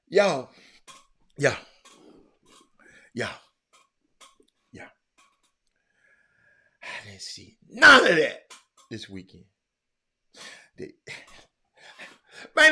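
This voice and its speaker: A man rants as a show host, his voice pitched high and bright. He swings widely up and down as he gets exasperated. At times he breaks into hollering. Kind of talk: ranting monologue.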